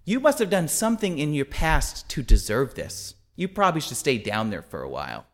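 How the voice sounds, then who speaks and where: A man's voice: fairly high pitch, huge pitch swings, normal speed. A man voicing a judgmental passerby who lectures dismissively.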